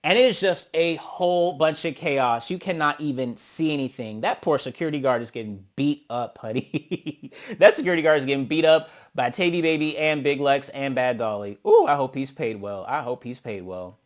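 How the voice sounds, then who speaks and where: A man's voice: on the high side, lively intonation, normal speed. A man giving a sassy, gossipy recap of a reality show episode, acting out the cast's lines and calling people honey. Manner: acts out cast members' lines in quotes. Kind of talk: casual recap commentary.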